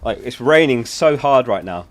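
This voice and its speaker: A young livestream host chats casually with his viewers from home, speaking in an expressive mid-range voice at a moderate pace. He's chatty and giggly throughout.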